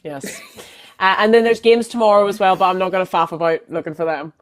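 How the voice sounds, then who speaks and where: A woman co-hosts a football podcast, chatting casually and matter-of-factly about the games. She talks quickly in a mid-range voice.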